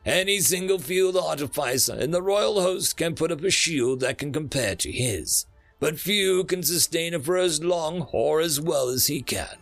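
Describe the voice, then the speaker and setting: A man's voice: a little high, lively intonation, moderate pace, creaky, fairly bright tone, no echo, soft background music, voice pushed up. A man doing a blunt, proud veteran officer. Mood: emphatic.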